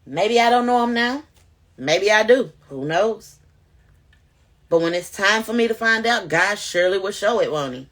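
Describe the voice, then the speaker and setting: Animated, bright-voiced woman giving testimony. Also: medium pitch, moderate pace. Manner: animated, preachy, addresses viewers directly. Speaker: vlogger sharing testimony. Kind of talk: casual spoken testimony to camera.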